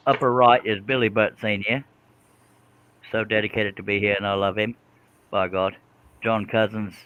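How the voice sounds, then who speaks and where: Joking man hosting a live stream. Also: fairly low pitch. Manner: joking, loud, slips into put-on accents. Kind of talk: casual banter on a live stream. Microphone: video call. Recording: dull lo-fi stream audio with faint noise.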